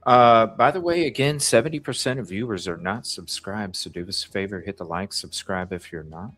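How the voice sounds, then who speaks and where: A man's voice: on the low side, a little fast, a bit bright. A man hosting a live stream, reading a call transcript aloud and chatting with viewers about their comments and votes. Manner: reads out chat comments and asks viewers to vote.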